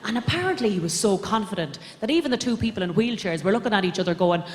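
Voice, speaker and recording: Deadpan Irish woman doing stand-up. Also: medium pitch, fast talker, noisy background. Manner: deadpan, rambling, self-deprecating. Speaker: stand-up comedian. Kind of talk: stand-up comedy. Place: large theatre stage. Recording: reverberant live theatre recording. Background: audience laughter.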